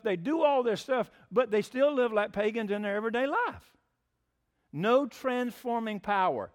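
A man preaching a sermon in a folksy, plainspoken storytelling way. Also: very high-pitched. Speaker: pastor.

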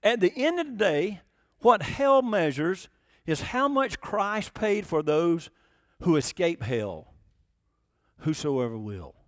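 High-voiced preacher with a drawl. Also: male voice, sing-song, slow, fairly bright tone, dry recording, clean studio sound. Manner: emphatic, conversational preaching with rhetorical questions. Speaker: pastor. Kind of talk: sermon.

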